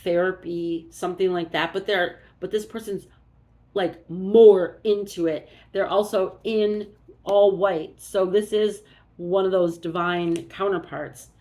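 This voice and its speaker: A woman's voice: on the low side, fairly even intonation, unhurried, dark tone. A woman doing a casual oracle card reading, musing aloud and thinking as she goes.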